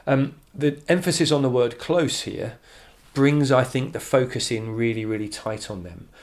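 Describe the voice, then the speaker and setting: A man's voice: mid-range voice, moderate pace, hardly any pauses, a little mellow. A man teaching a poetry analysis lesson, thinking aloud with many restarts and reading quoted lines with emphasis.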